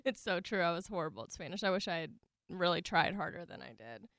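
A woman's voice: lowish voice, lively intonation, fast talker, a bit bright, no echo, clean studio sound. A woman from the South, co-hosting a casual interview in a giggly, easygoing way. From Southern United States. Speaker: podcast co-host.

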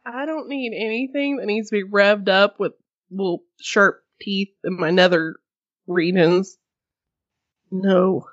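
A woman's voice: mid-range voice, slow, lo-fi sound. A woman co-hosting a podcast in casual chat, telling stories animatedly and acting out quotes. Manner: animated storytelling, acts out quotes, gasps. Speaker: podcast co-host.

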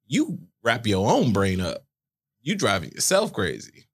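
A man's voice: lowish voice, wildly swooping pitch, a little slow, slightly rough. A man in his thirties co-hosting a casual podcast, explaining his points with analogies. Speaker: podcast co-host. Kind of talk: casual chat.

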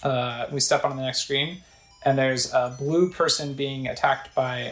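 A woman's voice: extremely low pitch, fairly even intonation, unhurried, reverberant, faint music behind, rough recording. A woman casually playing a video game, chatting about what's on screen and reading text aloud. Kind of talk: casual let's play commentary.

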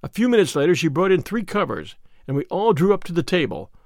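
Lively male audiobook narrator. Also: high-pitched, fast, no echo, clean studio sound. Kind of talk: storytelling narration.

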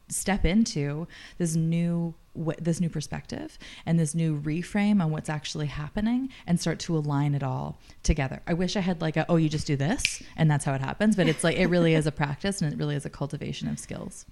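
A woman's voice: low voice, fairly quick, gravelly, mellow. A woman in her late thirties, speaking earnestly as an interview guest, often using "like" as a filler. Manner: earnest, thoughtful, frequent "like" fillers. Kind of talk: casual interview talk.

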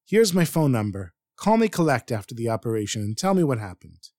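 A man's voice: medium pitch, very animated, a little fast, a little mellow, no room sound, studio quality, natural voice. A man doing a blunt, incredulous professor. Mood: apologetic. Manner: incredulous, questioning. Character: puzzled, blunt male professor.

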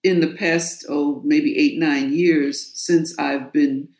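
A woman's voice: low voice, fairly even intonation, slow pace, darkish tone. A woman from New York, an author and guest in an interview, telling her story in a forthright, emphatic way. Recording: roomy echo.

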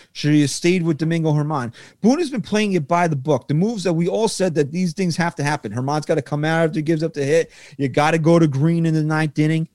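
A man's voice: a little high, a little mellow, no room sound, clean studio sound. A man co-hosting a sports podcast, ranting heatedly and with lots of profanity. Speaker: podcast co-host. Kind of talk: heated casual sports talk.

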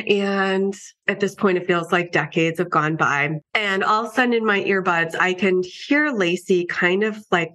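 Lower-voiced woman telling a personal story. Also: a bit bright. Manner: conversational, many "like" and "you know" fillers, acts out her own inner voice. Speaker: podcast guest.

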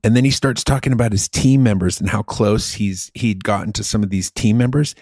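A middle-aged man telling a long story in casual chat. He talks in an animated, rambling way and drops in the odd swear and "dude". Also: fairly low pitch, a little fast, no echo, studio quality.

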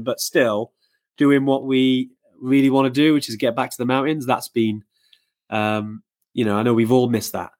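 A man's voice: mid-range voice, steady tone, moderate pace. A man co-hosting a live podcast, chatting casually with lots of fillers and restarts. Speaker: podcast co-host. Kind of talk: casual live-stream chat.

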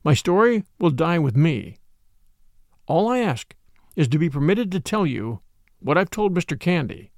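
A man reading the part of a haunted, weary middle-aged male medical assistant in a low, stern and resolute way, in a dramatic audiobook. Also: a little mellow, no echo, studio quality.

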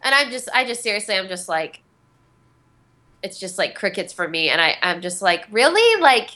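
This voice actress, a young woman, sounds on the low side, animated and sharp, speaking at a moderate pace. She's on a convention panel, casually spinning rambling tales packed with fillers and giggles.

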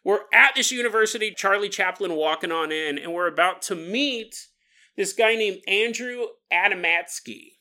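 A man's voice: high-pitched, normal speed, pushed and bright. A man hosting a podcast, telling a story in a playful, rambling way and laughing often. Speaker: podcast host.

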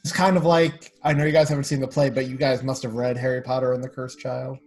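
A man co-hosting a casual movie commentary, enthusiastic and talking in quick bursts. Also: mid-range voice, little pitch movement, darkish tone. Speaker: podcast co-host.

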